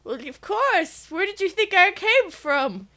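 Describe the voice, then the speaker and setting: A woman voicing a slow, sweet old grandmother disguise in a tabletop game. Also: extremely high pitch, big pitch swings, bright, forceful tone, voice pushed up, exaggerated voice. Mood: innocent.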